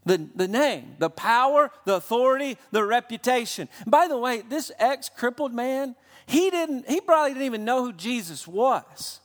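Male preacher, high register, emphatic sermon delivery in a church with long reverb. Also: big pitch swings, moderate pace, few pauses. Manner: emphatic, builds lists and repetitions.

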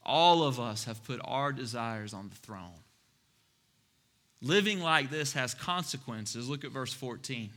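A man's voice: mid-range voice, lively intonation, a little slow, pushed and bright. A man preaching a sermon to his church, earnest and building to emphatic appeals. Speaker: pastor.

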